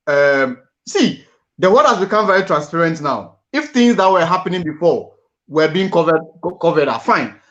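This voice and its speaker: A man's voice: a little high, lively intonation, normal speed, a bit bright, muffled recording. Earnest male boxing show host. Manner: earnest, repeats and restarts words. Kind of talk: panel discussion on boxing.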